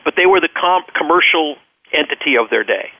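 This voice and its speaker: A man's voice: a little high, expressive, brisk, no echo. A man giving an earnest radio interview over the phone, telling stories and often repeating words as he searches for them. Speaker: interview guest, business leader. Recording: dry, tinny phone line.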